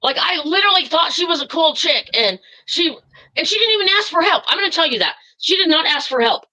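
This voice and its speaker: A woman's voice: extremely high pitch, lively intonation, fast talker, pushed and bright, rough recording. A woman calling into a live stream, furious and swearing, rambling with many fillers as she tells what happened to her. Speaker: caller. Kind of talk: angry live-stream call.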